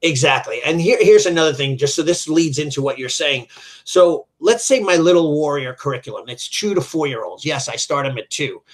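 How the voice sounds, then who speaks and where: Middle-aged man, slightly high voice, animated storyteller who acts out quoted dialogue. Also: brisk. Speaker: martial arts school owner. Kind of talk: storytelling in a business chat.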